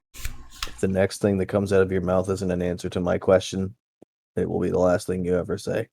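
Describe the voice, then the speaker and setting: A man's voice: low voice, monotone, fairly quick, gravelly, dark tone, no room sound. A man playing a grim father holding a rifle on a stranger, talking in cold, clipped threats. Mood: menacing.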